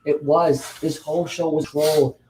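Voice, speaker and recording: A man co-hosting a casual wrestling recap, blunt and ranting, quick to call things terrible. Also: on the high side, little pitch movement, dark tone, slight background noise. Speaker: podcast co-host.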